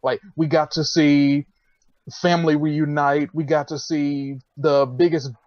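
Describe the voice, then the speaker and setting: A man ranting frankly about what he hates, swearing freely and rambling with plenty of fillers. His voice sits somewhat high and comes through a muffled recording. The sound is close and dry. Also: level tone, a little slow, darkish tone, no echo. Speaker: podcast co-host. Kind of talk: casual roundtable chat.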